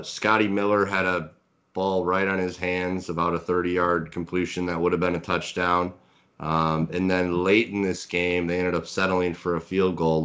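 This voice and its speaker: Deep-voiced male podcast co-host, relaxed analytical football chat. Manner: hedging, filler-heavy, analytical. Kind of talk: casual sports analysis chat.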